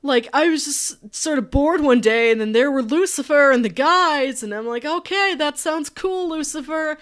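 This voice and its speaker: A woman's voice: high-pitched, normal speed, a bit bright, voice pushed up. A woman voicing a distraught male demon who whines and mopes over his lost best friend. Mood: mopey.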